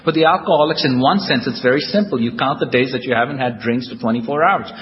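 A man's voice: medium pitch, fast, slight background noise. Wry self-deprecating man in a hall. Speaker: speaker at a recovery convention. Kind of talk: humorous personal recovery talk. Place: large hall with a live audience. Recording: echoey hall, dull lo-fi tape.

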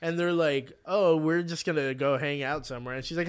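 A man with a fairly high voice tells a story in casual chat. He is animated, swears freely, and jumps into the characters' lines. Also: moderate pace, smooth.

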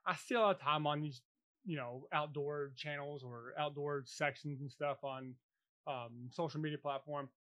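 A man's voice: fairly high pitch, fairly even intonation, normal speed, a bit bright, dry recording. A man with a Texan accent, co-hosting a podcast in easygoing, self-deprecating casual chat. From East Texas. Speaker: podcast co-host, former baseball player.

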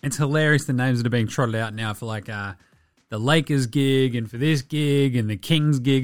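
An Australian man hosting a basketball talk show, chatting casually with profane jokes and quick asides. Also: mid-range voice, dry recording, faint music behind. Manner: profane, joking, rapid asides. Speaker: basketball podcast host. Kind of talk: casual sports chat.

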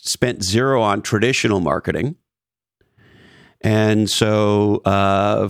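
A man's voice: fairly low pitch, dry recording. Emphatic man explaining a thesis, dry sound. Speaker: host. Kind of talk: conversational business talk.

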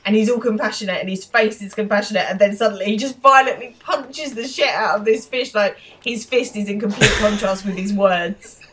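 A woman co-hosting a podcast, giving a casual, animated recap of a TV episode and laughing often. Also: mid-range voice, brisk, hardly any pauses, slight background noise. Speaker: podcast co-host.

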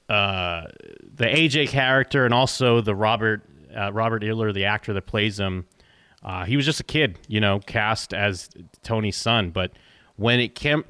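Smooth low-voiced man chatting casually. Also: fairly bright tone, no echo. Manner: rambling, many restarts and fillers, swears casually. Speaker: podcast co-host. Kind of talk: casual TV recap chat.

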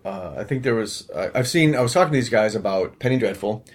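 A man's voice: on the low side, lively intonation, fast. A man co-hosting a podcast, talking in a rambling, jokey way and slipping into mock voices. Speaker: podcast co-host. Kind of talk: casual chat.

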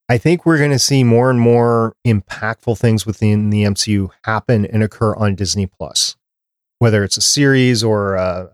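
A man hosting a podcast in casual chat, reading out listener tweets and polls with animated reactions. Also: fairly low pitch, no echo, studio quality. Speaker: podcast host.

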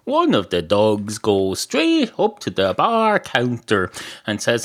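A man's voice: medium pitch, wildly swooping pitch, slow, a bit bright. Male podcast host, rambling comic monologue, dry delivery, mid-range voice. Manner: digressive, dry, many fillers and restarts.

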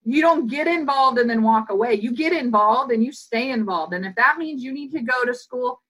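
Bright, animated woman psychologist guest. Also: a little high, rough recording. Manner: animated, fast-flowing explanations that act out quoted voices. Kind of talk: podcast interview.

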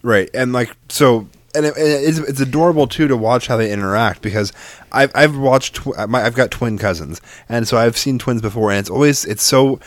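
A man's voice: medium pitch, normal speed, dry recording. A young man co-hosting a casual podcast chat, telling stories in a rambling, profane way with many restarts. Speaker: podcast co-host.

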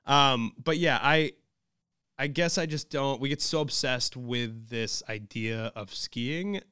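A man's voice: medium pitch, takes it slowly, clear, resonant tone, no echo, studio quality. A young man co-hosting a podcast, talking bluntly and casually, with the odd swear word. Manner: blunt, animated, swears freely. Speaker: podcast co-host. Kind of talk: casual chat.

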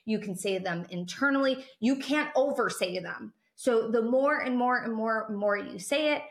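A woman's voice: fairly high pitch, normal speed. A woman hosting a motivational podcast, speaking in an upbeat, encouraging way straight to her listeners. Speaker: podcast host. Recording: roomy echo.

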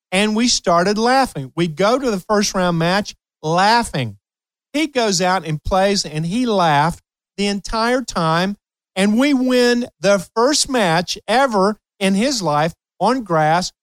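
A man spins a long story in casual chat, animated and laughing often. His voice is smooth and resonant, recorded dry and close in a studio. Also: high-pitched, no room sound. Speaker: host, tennis coach.

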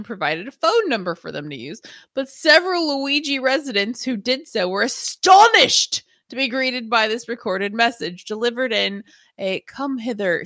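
A woman's voice: on the high side, pushed and bright, dry recording, clean studio sound. A woman co-hosting a podcast, chatting casually, laughing often and reading news stories aloud. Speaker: podcast co-host.

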